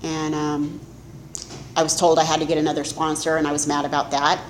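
A middle-aged woman speaks candidly about her own recovery at a meeting, mocking herself along the way. Her voice sits a little low. The room is echoey, with a faint hum of ambience behind her. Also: completely flat delivery, fairly quick. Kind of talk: personal testimony talk.

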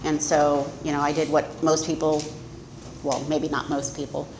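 A woman's voice: low-pitched, little pitch movement, normal speed, darkish tone, a little hiss or hum. A middle-aged woman giving a candid, self-mocking personal testimony as a speaker at a recovery meeting. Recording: echoey room with faint ambience.

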